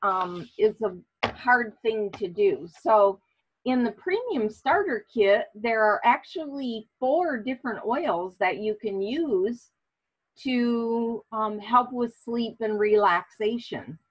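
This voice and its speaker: A woman hosting a casual online class, speaking in a relaxed way with many fillers. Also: a little high, takes it slowly, slightly rough, dull audio. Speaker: class host.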